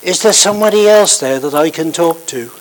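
A man's voice: on the high side, animated, fairly quick, close to an everyday voice, poor audio. A man voicing a businessman boss who keeps asking polite, puzzled questions over the phone. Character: worried adult male businessman boss on the phone.

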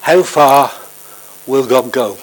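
A man's voice: mid-range voice, slow pace, poor audio. A middle-aged man preaching and telling a story in a conversational, hesitant way, full of fillers. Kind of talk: sermon with an anecdote.

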